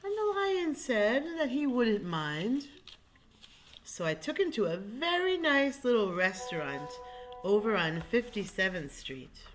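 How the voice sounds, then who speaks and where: A woman reading a picture book aloud in an animated way, pointing out the pictures to her listeners. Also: a little high, measured pace, faint music behind. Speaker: reader.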